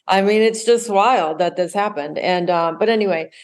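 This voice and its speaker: A woman's voice: mid-range voice, normal speed. A woman hosting a podcast who talks eagerly and rambles, often restarting her sentences. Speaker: podcast host. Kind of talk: casual chat.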